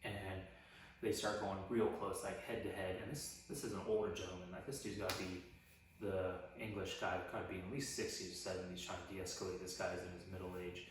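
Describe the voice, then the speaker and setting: A man casually recounting a personal story in a relaxed, rambling way, full of "like" fillers. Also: sits low, a little fast, recorded from a distance, slight background noise. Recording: echoey room, voice off mic.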